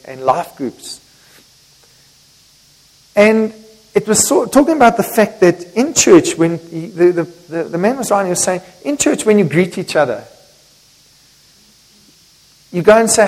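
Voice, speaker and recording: A man's voice: high voice, a little mellow. A middle-aged man, a pastor preaching a candid, emotional sermon. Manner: candid, emotional, repeats himself. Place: church sanctuary. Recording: long church reverb.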